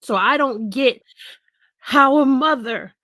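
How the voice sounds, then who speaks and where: A woman's voice: high voice, slow, pushed and bright, no echo. A middle-aged woman blogger giving candid, emotional livestream commentary, earnest and repeating herself for emphasis.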